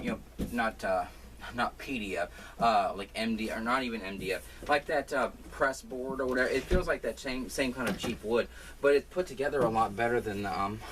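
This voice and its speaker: A man chatting casually while he rearranges a room at home, rambling with lots of fillers and restarts and poking fun at himself. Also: mid-range voice. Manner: self-deprecating. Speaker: crafting vlogger. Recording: noisy home recording.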